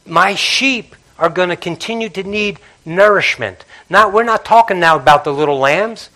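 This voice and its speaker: Man, pastor, church sermon, bright tense tone, impassioned, loud-to-hushed swings. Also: high voice, normal speed. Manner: impassioned preaching, swinging between loud emphasis and hushed intimacy.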